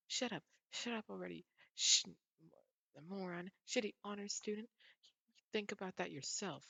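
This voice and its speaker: A man's voice: on the high side, unhurried, no room sound. A man voicing a moody, teasing young vampire woman in a manga read-aloud, snappy and blunt. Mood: irritated.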